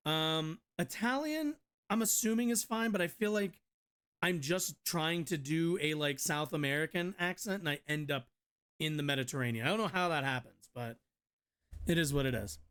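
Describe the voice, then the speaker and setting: A man's voice: a little high, normal speed, a bit bright, clear, resonant tone. A man streamer ranting in a casual, blunt and profane way, rambling with restarts. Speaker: streamer reading and reacting to a news article. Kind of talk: casual rant commentary.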